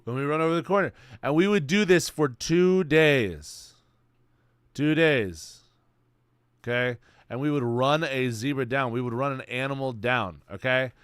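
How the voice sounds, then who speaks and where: A young man streaming, chatting casually in a rambling, slang-heavy, excitable way. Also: medium pitch, moderate pace, smooth, no echo, studio quality. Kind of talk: casual chat.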